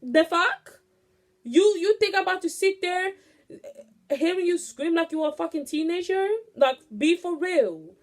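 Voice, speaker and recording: A young woman in her late teens venting bluntly to her vlog audience, profane and animated as she rants. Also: extremely high pitch, measured pace, slight background noise. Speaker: vlogger. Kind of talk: casual venting monologue.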